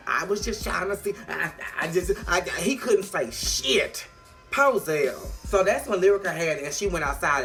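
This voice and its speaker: A woman doing a sassy, profane recap of a reality show, animated and playful. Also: on the low side. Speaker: vlogger reviewing a reality show.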